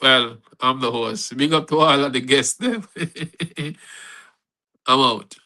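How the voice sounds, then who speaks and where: A man's voice: mid-range voice, slow, low-quality recording. A man hosting an online spoken word show and reciting a poem, on a video call mic. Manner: animated, laughing, patois phrases. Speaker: host.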